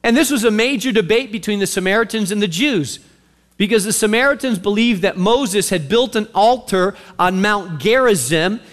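A man's voice: high voice, normal speed, a bit bright. A man preaching a sermon as pastor, telling a scripture story animatedly and acting out its characters. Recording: long reverb of a large hall.

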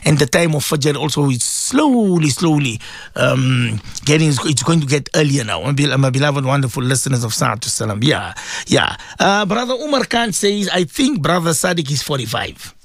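A chatty middle-aged man from South Africa hosts a radio show, reading listener messages and laughing along. His pitch sits a bit high and swings widely as he talks. The studio sound is close and dry. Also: very animated, moderate pace, dry recording. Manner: chatty, affectionate, laughs often. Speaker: radio presenter, Maulana.

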